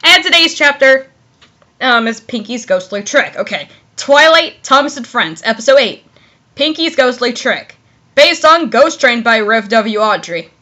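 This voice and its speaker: A woman's voice: a little high, expressive, unhurried, sharp tone, muffled recording. A young woman reading fanfiction aloud in a casual, rambling way, with lots of fillers and giggles between lines. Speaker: fanfiction reader.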